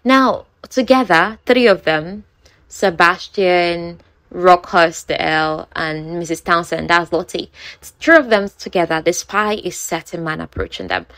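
A woman casually retelling a romance novel in her own words, chatty and full of asides to the listener. Her voice sits low, and the recording is close and dry. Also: animated, unhurried, fairly bright tone, no room sound. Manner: chatty, asides like "you know". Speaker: book storyteller.

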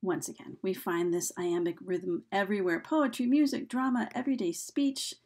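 A woman talks through a recorded video lesson in a relaxed, chatty way, filling gaps with ums and uhs as she explains. Her voice is husky with a gravelly, creaky edge. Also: mid-range voice, normal speed. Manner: casual, chatty explaining with frequent fillers. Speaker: teacher.

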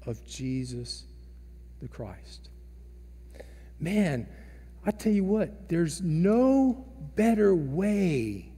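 Slow-preaching man in an echoing church. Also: fairly high pitch. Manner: slow, dramatic preaching with big swings in loudness. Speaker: pastor. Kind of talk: sermon. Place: large church sanctuary. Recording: long reverb of a church hall.

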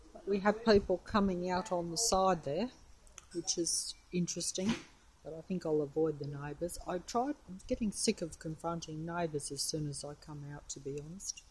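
A woman's voice: fairly low pitch, darkish tone, rough recording. An Australian woman narrating a casual phone video outside on a windy, rainy street, talking in a hesitant, rambling, wary way. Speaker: vlogger. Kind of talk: casual filmed commentary. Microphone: mobile phone camera.

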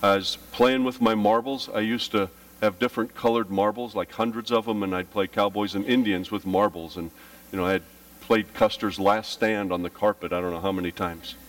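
A man preaching a sermon as pastor, telling stories with lively, dramatic delivery and acted-out cries. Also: lowish voice, a little fast, no echo, recorded from a distance. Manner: animated storytelling, acting out his childhood panic with shouts. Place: church.

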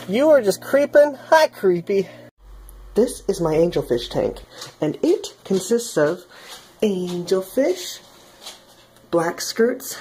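Slow-talking playful woman vlogger. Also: fairly low pitch, a little mellow, a little hiss or hum. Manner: playful, chatty with pets. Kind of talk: casual vlog tour. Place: indoors at home aquarium.

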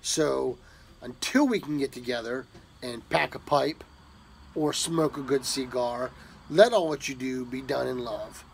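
A man's voice: mid-range voice, measured pace, creaky, a little hiss or hum. A man opening a gift box of pipe tobacco and coffee, talking casually to his viewers with enthusiastic drawled exclamations. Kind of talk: casual unboxing talk to camera.

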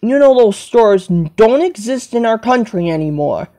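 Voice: mid-range voice, expressive, measured pace, mellow. A person rambling to themselves on a home video, repeating and listing things over and over. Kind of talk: rambling self-talk monologue.

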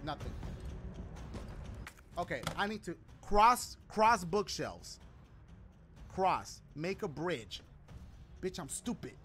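A man playing a video game and reacting aloud, swearing and yelling at the game and chatting to his viewers. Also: high voice, big pitch swings, slow pace, pauses often, faint music behind. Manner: talks to viewers as "y'all". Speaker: gaming video host. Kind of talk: let's play commentary. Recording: loud game sounds behind voice.

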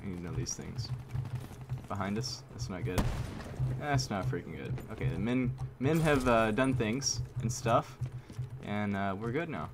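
A man giving live commentary over his own gameplay, excitable, repeating himself and using mild minced oaths. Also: lowish voice, a little slow, heavy background noise. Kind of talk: live video game commentary. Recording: loud game gunfire under voice. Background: gunfire and shooting game sounds.

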